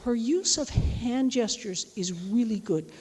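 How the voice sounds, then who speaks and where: A woman giving a casual, chatty lecture on teaching, animated and full of asides. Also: a little high, unhurried, breathy edge, in a large hall, low-quality recording. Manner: chatty, animated, acts out quoted voices. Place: lecture hall.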